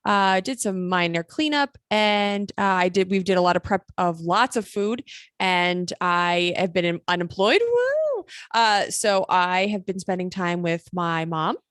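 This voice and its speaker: A woman's voice: on the low side, unhurried, a bit bright, clean tone, no room sound. A woman co-hosting a casual racing podcast, telling a chatty story and laughing easily. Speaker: podcast co-host. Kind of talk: casual chat.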